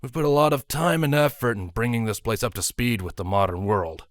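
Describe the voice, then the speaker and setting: A man's voice: mid-range voice, no echo, natural voice. Man doing a weary earnest prince. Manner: measured, sighing explanations. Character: earnest young male prince, weary and serious.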